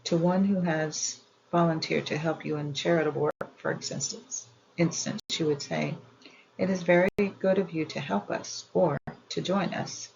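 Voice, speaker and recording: A woman reading an old etiquette book aloud in a measured, even way. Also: low-pitched, gravelly, highs cut off, a little hiss or hum. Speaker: audiobook reader.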